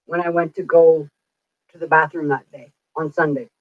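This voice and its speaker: A woman's voice: low voice, flat delivery, moderate pace, no room sound. A woman in her forties, a psychic streamer, telling stories in a chatty, rambling way and acting out what people said. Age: 40s. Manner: chatty, rambling, acts out quoted dialogue. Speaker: psychic livestreamer. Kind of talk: casual livestream storytelling. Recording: dull lo-fi dry sound.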